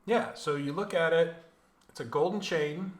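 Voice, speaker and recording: A man serving as game master, narrating a tabletop game in a relaxed, descriptive way. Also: on the high side, moderate pace.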